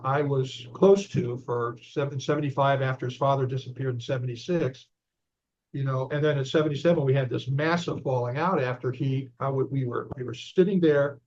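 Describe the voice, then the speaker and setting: An older man, an author and investigator, telling a story conversationally as an interview guest. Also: mid-range voice. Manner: animated anecdote-telling, recounting dialogue. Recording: dull lo-fi audio.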